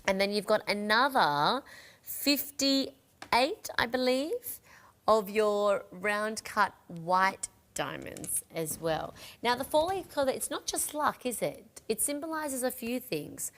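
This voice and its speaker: A middle-aged woman hosts a live shopping broadcast, chatting and rambling as she sells jewellery. She speaks straight to the viewers at home at a middle pitch. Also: animated, slow pace, fairly bright tone.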